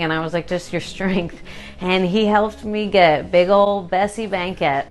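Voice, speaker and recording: A woman chatting casually about a kitchen renovation she did, telling stories in an animated way and laughing as she talks. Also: lowish voice, measured pace. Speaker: home renovation vlogger. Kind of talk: casual chat.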